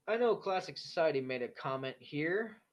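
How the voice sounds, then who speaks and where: A man hosting a casual live stream, reading chat comments aloud and bluntly talking back to trolls with plenty of swearing. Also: fairly high pitch. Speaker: livestream host. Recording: dull lo-fi stream audio.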